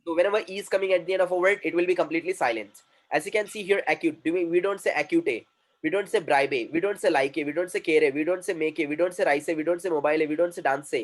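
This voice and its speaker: A man's voice: high voice, very fast, few pauses, low-quality recording. A man with an Indian English accent teaching a class, repeating words and asking the students questions as he writes on the board. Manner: repetitive, drilling, asks class questions. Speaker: communication trainer.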